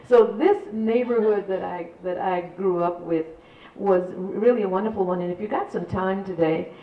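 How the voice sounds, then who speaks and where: A woman's voice: mid-range voice, moderate pace, hardly any pauses. Chatty older woman telling local history. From San Antonio, Texas. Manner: chatty and rambling, with laughs and restarts. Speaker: community speaker. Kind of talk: storytelling talk to an audience. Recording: echoey, distant, dull room recording.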